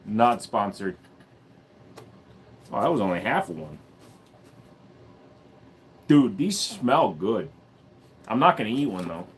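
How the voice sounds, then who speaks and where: A man's voice: fairly low pitch, big pitch swings, slow pace, pauses often, slight background noise. A man hosting a casual livestream, rambling and joking while he talks to his dog between topics. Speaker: livestream host.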